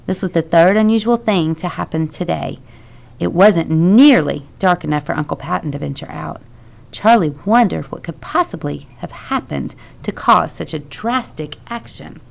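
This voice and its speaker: A woman teacher reading a children's novel aloud to her class, expressive and lively, with the dialogue acted out. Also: lowish voice, normal speed, creaky.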